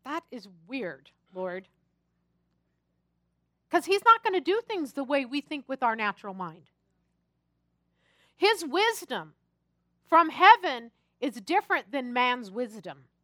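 A woman pastor preaching a sermon, telling personal stories in an animated, chatty and humorous way. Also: sits high, unhurried, dry recording, clean studio sound.

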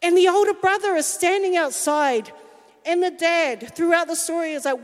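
A woman's voice: extremely high pitch, lively intonation, moderate pace. A woman telling a candid, self-mocking personal story in a sermon. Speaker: speaker at a church talk. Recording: long hall reverb.

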